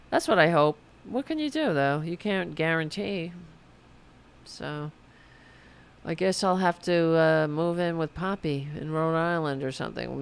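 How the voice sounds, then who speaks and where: This is a middle-aged woman hosting a casual late-night podcast. Her voice is smooth and resonant with a gravelly edge. She talks slowly, rambling and self-mocking, and she swears freely. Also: deep voice. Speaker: podcast host.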